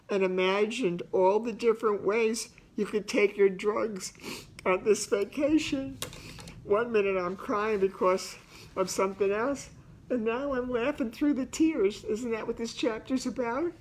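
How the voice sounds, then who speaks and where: Older woman, unhurried memoir reading with asides, laughs through her stories. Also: lowish voice. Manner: slow, unhurried delivery. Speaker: author reading and discussing her book. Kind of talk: book reading mixed with personal talk.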